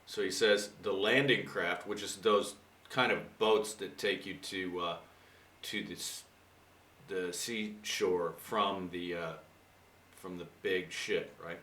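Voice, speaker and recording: Low-voiced guy teaching idioms, sharp tone, sounds kinda far from the mic in an echoey room. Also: steady tone, slow pace. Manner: rambling, chatty, many fillers. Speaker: English teacher. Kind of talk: casual video lesson.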